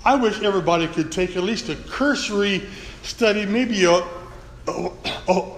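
A man's voice: sits high, moderate pace. A man preaching a folksy, earnest sermon to his congregation. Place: church sanctuary. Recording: echoey church hall, faint room noise.

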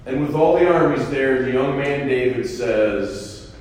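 A man's voice: mid-range voice, a little slow. Preacher man echoing in a hall. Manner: reads scripture, then comments in an animated, folksy way. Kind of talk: scripture reading with sermon commentary. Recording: echoey hall from far off.

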